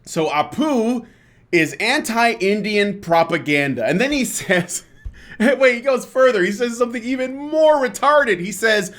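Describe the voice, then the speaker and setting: A man's voice: very high-pitched, animated, measured pace, a bit bright. A male podcast host in a heated casual rant, swearing often, exasperated, stumbling through fillers and restarts.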